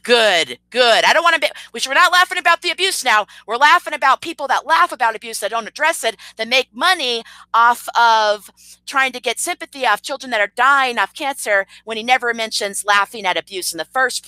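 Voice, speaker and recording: A woman rants on her livestream with a bright, edgy voice, full of sarcasm and indignation. She hesitates often with "um" and "you know." The recording is dry and close. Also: fairly high pitch, expressive, brisk, dry recording, low-quality recording. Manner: sarcastic and indignant, with frequent fillers. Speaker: channel host. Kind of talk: livestream commentary rant.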